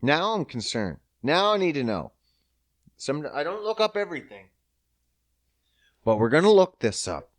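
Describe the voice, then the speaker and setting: A man's voice: normal speed, pauses often, no room sound, studio quality. A man from Prince Edward Island hosting a podcast alone, ranting with constant swearing and mock outrage. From Prince Edward Island, Canada. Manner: loud, animated pitch swings when riled up. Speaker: podcast host. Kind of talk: profane solo podcast rant.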